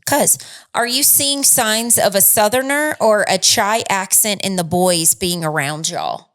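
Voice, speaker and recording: A woman's voice: mid-range voice, unhurried, a bit bright. A woman from the Southern United States with a Southern accent, co-hosting a casual chat podcast in a chatty, easy-laughing way, tired from little sleep. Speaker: podcast co-host.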